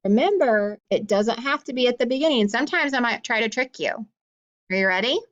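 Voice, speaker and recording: A woman teaching a phonics lesson to young children, patient and encouraging, slowly drawing out letter sounds. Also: a little high, animated, dull audio.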